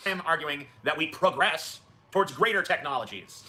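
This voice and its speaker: Guy in a debate clip, talks quick n sharp, kinda mocking and dismissive. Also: a little high, animated. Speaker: online commentator in a played clip. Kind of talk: heated debate.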